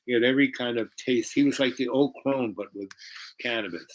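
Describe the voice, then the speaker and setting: A man telling a personal story in a casual, rambling way, animated and full of fillers. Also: medium pitch, fairly quick, rough recording.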